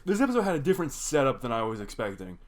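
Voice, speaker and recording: A young reaction video host races through a cartoon episode recap, his mid-range voice swinging widely in pitch. His casual, rambling talk is crammed with "like."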